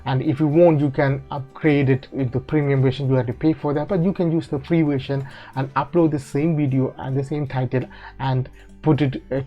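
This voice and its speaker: Halting man with lo-fi tutorial audio. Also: mid-range voice. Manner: halting, many fillers and restarts, non-native phrasing. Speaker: online money-making tutorial host. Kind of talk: casual screen-recorded tutorial. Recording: dull lo-fi audio with faint music.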